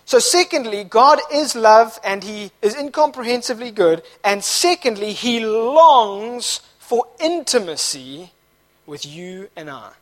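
Young guy preaching in church, really high voice, gets fired up and shouts. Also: animated, measured pace. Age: young adult. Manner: impassioned, swinging from quiet to shouting. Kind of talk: sermon. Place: church service.

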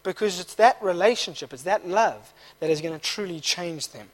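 A young male preacher with a strikingly high voice delivers a sermon at a church service. He moves between soft, low stretches and passionate shouted peaks. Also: expressive, normal speed. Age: young adult. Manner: impassioned, swinging from quiet to shouting.

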